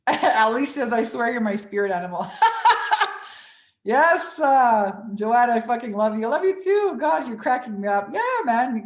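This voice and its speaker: A young adult woman coaching on a livestream, casually reading viewer comments aloud and swearing freely as she talks. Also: fairly high pitch. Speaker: business coach hosting a livestream Q&A. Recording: echoey room.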